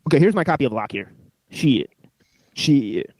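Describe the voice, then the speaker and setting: A man's voice: mid-range voice, sing-song, moderate pace, a little mellow. A male host of a live stream, reading philosophy texts and commenting on them in a rambling way, tagging nearly every phrase with "right?".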